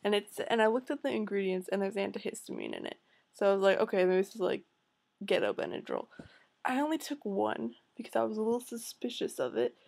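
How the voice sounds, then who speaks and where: Teen girl vlogger, raspy with vocal fry, casual rambling and cursing. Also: mid-range voice, huge pitch swings, fast talker, darkish tone. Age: late teens. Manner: rambling, swearing, self-mocking. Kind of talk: casual chat to camera.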